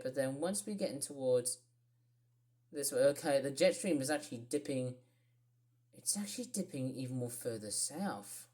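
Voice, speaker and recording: A weather vlogger with an Australian accent rambles through casual weather commentary on her own channel, thinking aloud with lots of fillers and asides. Her voice is extremely low in pitch and warm in tone.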